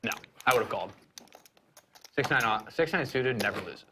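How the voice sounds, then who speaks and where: A man's voice: medium pitch, animated, moderate pace, sharp tone, slight background noise. A young man, a poker content creator, bantering and joking about his cards in casual table talk on a live stream. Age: young adult. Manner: joking, self-mocking.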